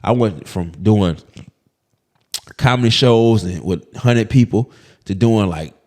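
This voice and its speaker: A comedian from Birmingham, telling stories in a casual interview, full of restarts and laughter. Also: male voice, on the low side, takes it slowly. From Birmingham, Alabama. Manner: animated, repetitive restarts, laughing as he tells stories. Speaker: comedian guest.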